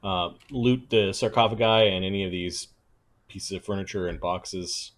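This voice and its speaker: A man playing a tabletop game, decisive and planning out loud. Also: low voice, moderate pace. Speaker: player. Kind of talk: casual tabletop game chat.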